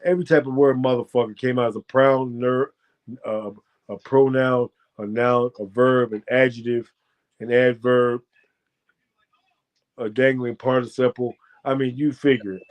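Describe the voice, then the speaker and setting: An American man, a former fighter, telling a profane, boastful story as a guest and breaking into loud shouted quotes. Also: medium pitch, steady tone, normal speed. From United States. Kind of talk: animated storytelling.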